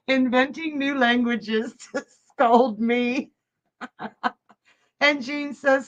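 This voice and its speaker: A woman's voice: high voice, drawn-out words, pauses often, dull audio. A woman hosting a live psychic stream, chatting bubbly with viewers and laughing often. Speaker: psychic hostess. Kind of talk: live-stream chat reading viewer comments.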